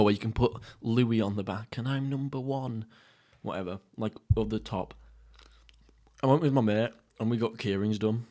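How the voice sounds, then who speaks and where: A young man from England hosting a casual solo podcast while eating, rambling through jokey, crude, deadpan stories. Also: on the low side. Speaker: podcast host. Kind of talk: casual solo mukbang chat.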